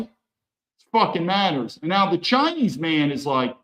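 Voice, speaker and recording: A man hosts a commentary stream, pushing his points bluntly and hammering on the same phrases. His voice sits a bit high for a man. It bounces around a noticeably echoey room. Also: big pitch swings, a little slow, a bit bright. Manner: emphatic, blunt, repetitive. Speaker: host.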